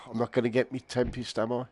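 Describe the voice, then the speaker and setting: A man's voice: medium pitch, completely flat delivery, normal speed, slight background noise. A man streaming a VR game, chatting casually, swearing and laughing as he plays. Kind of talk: casual chat while playing a VR game. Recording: game music loud under voice. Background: game music.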